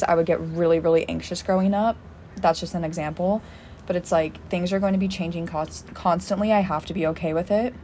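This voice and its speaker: Young woman, podcast co-host, reflective and rambling, lowish pitch, faint background noise. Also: darkish tone. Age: young adult. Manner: reflective, rambling with many "like" fillers. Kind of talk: casual chat.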